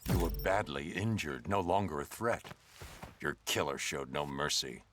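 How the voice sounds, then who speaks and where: An actor playing a brooding masked vigilante detective, speaking in terse, low, deliberate lines. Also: male voice. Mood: grim. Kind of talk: video game voice acting. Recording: game audio with noise.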